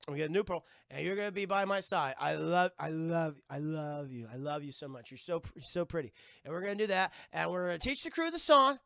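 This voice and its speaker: A man's voice: a little high, fast talker, gravelly, pushed and bright, no room sound, clean studio sound. A man voicing a drunk, swaggering male pirate captain with a slurred, rambling, theatrical delivery. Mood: drunk, lovesick.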